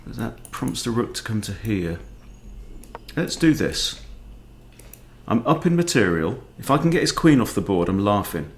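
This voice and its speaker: A man, a chess coach thinking aloud in a relaxed, understated way as he plays a fast game. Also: fairly low pitch, creaky. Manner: muttering, understated, self-talking. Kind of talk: thinking aloud while playing blitz chess.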